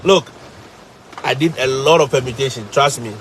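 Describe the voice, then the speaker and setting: A man with a Ghanaian English accent, a teacher, casually telling stories to live viewers in an animated, emphatic way, repeating phrases for effect. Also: medium pitch, normal speed, a little hiss or hum.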